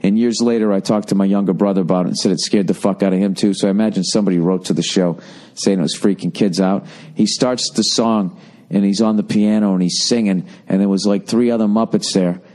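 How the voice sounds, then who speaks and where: A man's voice: on the low side, steady tone, quick pace, darkish tone. Profane rambling man reading listener mail. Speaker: podcast host. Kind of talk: casual comedic rant, reading listener mail.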